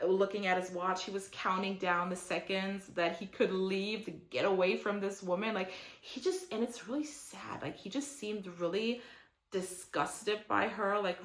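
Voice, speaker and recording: A woman's voice: mid-range voice, normal speed. Chatty opinionated young woman in an echoey room. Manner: chatty and opinionated, heavy use of "like", mocking quotes in character. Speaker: reality TV recap host. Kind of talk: casual recap commentary.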